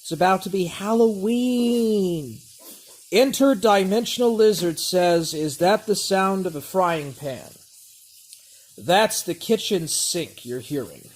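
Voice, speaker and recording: A man hosting a livestream, rambling through a monologue and reading out chat messages, repeating himself and drifting between loud and muttered. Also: high-pitched, expressive, slow pace. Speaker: livestream host.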